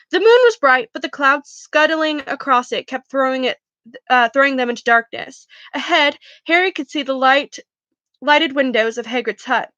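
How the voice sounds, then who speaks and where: A woman's voice: high voice, sharp tone, dry recording. A young woman reading a novel aloud for a book club, stumbling over words and making casual remarks about her reading.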